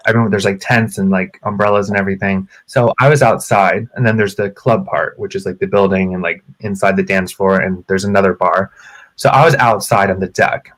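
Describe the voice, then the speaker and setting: Low-voiced man telling a story animatedly. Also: brisk. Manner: animated, dramatic storyteller with acted quotes. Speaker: podcast co-host. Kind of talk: casual chat, storytelling.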